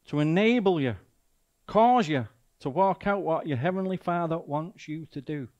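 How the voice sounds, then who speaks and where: A man's voice: a little high, lively intonation, normal speed, a little mellow, dull audio. A man with a Mancunian accent preaching a sermon as a guest speaker, emphatic and full of rhetorical questions.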